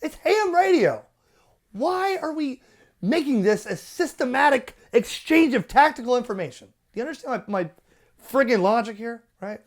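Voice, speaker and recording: A man hosting a ham radio channel, ranting with exasperation and the odd curse. His pitch swings widely as he gets worked up. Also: normal speed. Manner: animated, profane, exasperated. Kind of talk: ranting commentary.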